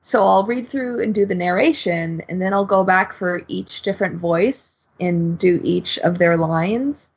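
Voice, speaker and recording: A woman co-host talks casually, poking fun at herself. Her voice is husky and sits in the middle range. The sound is dull, lo-fi and muffled. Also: fairly low pitch, a little slow, hardly any pauses. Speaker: podcast co-host. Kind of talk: casual podcast chat.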